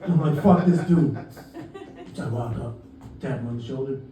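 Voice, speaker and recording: A man's voice: mid-range voice, steady tone, fast, a crowd in the background. A young man doing stand-up, telling a profane, laid-back travel story with acted-out quotes. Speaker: stand-up comedian. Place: comedy club stage. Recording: roomy club sound from a distance.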